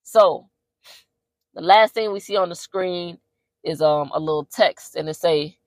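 A woman's voice: on the low side, a little slow, no echo. Slangy woman recapping a movie. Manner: slangy, profane, animated storyteller. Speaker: podcast host.

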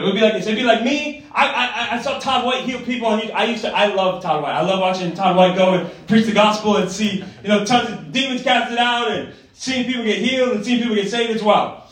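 A man preaching a sermon in an energetic, conversational way, often checking in with the room. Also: sits high, quick pace. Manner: energetic, conversational, tag questions. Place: church gathering hall. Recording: echoey hall from far off.

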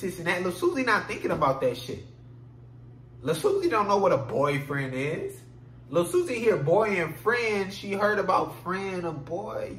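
A man hosting a solo podcast, ranting in an animated, profane way, recorded in an echoey room with a faint hum. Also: high voice. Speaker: podcast host.

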